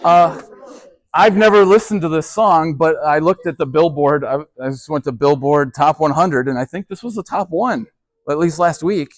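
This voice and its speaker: A man's voice: fairly high pitch, normal speed, no room sound, clean studio sound. A man teaching a youth group as their pastor. He talks in a conversational way, keeps asking "okay?" and often restarts and repeats his words.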